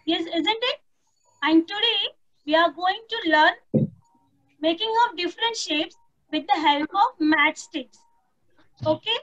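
A woman's voice: extremely high pitch, takes it slowly, long pauses, fairly bright tone, lo-fi sound. A woman, teaching young children an online lesson, patiently repeating prompts and imitating animal sounds. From India. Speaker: primary school teacher.

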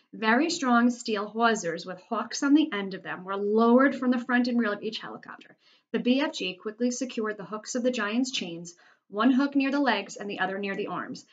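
A woman's voice: mid-range voice, a bit bright, dull audio. A woman teacher reading a children's novel aloud to her class, adding chatty asides and explaining words.

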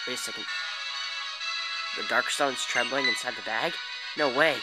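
A man narrating his video game playthrough as a let's play host, excitable and quick to gasp and exclaim at what happens on screen. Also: medium pitch, over loud music. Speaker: gaming channel host.

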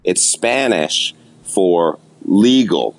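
A man from Canada, a comedian guest, talking in a rambling casual chat with deadpan jokes. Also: low voice, drawn-out words.

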